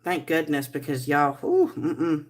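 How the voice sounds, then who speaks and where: A woman's voice: low-pitched, a little slow, a little mellow. A middle-aged woman hosting a casual live stream, chatty and rambling as she greets viewers by name. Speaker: livestream host.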